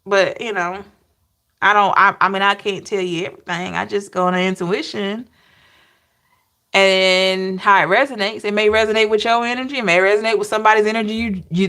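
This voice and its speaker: A woman's voice: medium pitch, fairly bright tone. A woman tarot reader chatting casually with viewers on a livestream, often laughing and reading out names from the chat.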